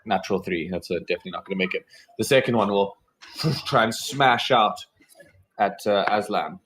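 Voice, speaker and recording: Brief: deep-voiced male game master, relaxed and chatty, faint hiss in the background. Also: moderate pace, poor audio. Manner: relaxed, describes combat with fillers. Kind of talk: narrating a tabletop game.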